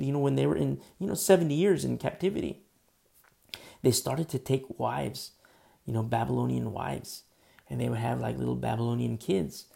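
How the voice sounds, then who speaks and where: A man's voice: mid-range voice, gravelly, dark tone. A man preaching a casual, conversational sermon, full of fillers and acted-out quotes. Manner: conversational, many fillers, acts out quoted voices. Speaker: pastor.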